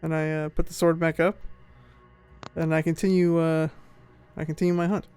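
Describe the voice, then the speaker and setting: A man's voice: a little high, little pitch movement, normal speed, darkish tone, clear, resonant tone, soft background music. A man playing a tabletop game, voicing his character with stern threats. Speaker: player.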